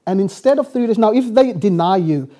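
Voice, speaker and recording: A man from South Africa preaching with a lively, swooping delivery. His voice is mellow and soft-edged, and he acts out conversations with quick laughs as he tells his story. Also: sits high. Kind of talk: sermon storytelling.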